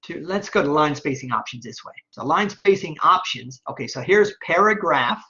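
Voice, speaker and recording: A man teaching an online class, talking step by step through a screen-recorded software tutorial and checking in often with "okay?". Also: on the high side, dull audio. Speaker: online instructor.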